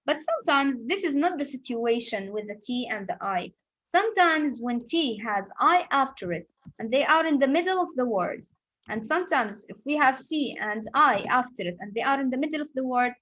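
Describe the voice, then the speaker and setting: A woman's voice: sits high, animated, normal speed, a bit bright, low-quality recording. Patient woman teaching English sounds. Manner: patient, repetitive explaining with examples. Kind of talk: phonics lesson.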